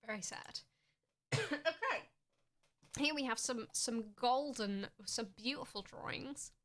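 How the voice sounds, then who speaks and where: A young woman streaming casually, joking in a deadpan way and often laughing as she talks. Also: fairly high pitch, moderate pace. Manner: playful, deadpan jokes with frequent laughs. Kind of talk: casual stream chat showing fan art.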